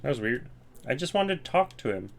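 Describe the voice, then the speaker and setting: A man's voice: medium pitch, sing-song, a little fast, gravelly. A man streaming a video game, chatting casually and muttering to himself, with blunt opinions. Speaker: gaming streamer. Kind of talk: casual gameplay commentary.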